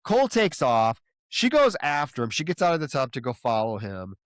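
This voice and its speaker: A man's voice: medium pitch, huge pitch swings, moderate pace, no room sound. A man co-hosting a horror movie podcast, recapping plot in exasperated, profane casual chat. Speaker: podcast co-host.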